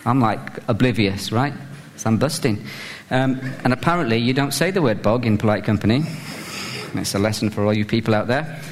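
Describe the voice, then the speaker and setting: A man's voice: mid-range voice, brisk, long reverb tail, slight background noise. A British man preaching a humorous sermon in a chatty, self-mocking way, full of fillers, building to fervent emphasis. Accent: British English.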